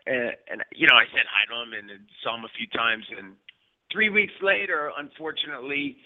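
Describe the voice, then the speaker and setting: A man's voice: mid-range voice, fairly quick, no echo. A man chatting casually as a guest, rambling with restarts and playful slang. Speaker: guest actor. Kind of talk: casual chat. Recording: phone-like audio.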